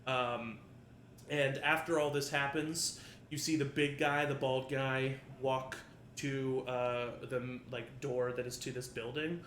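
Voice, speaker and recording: A man's voice: mid-range voice, level tone, takes it slowly, a bit bright. Man GM narrating a tabletop game, rambling, echoey room, faint hum. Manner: rambling, filler-heavy narration. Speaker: game master. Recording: roomy echo, faint ambience.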